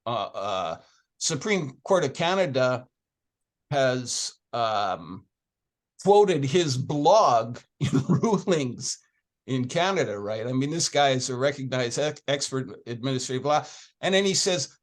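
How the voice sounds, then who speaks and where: A man's voice: mid-range voice, lively intonation, unhurried. A man answering in an interview, telling his story in a chatty, anecdotal way and acting out the conversations he had. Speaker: founder of an organization, interview guest.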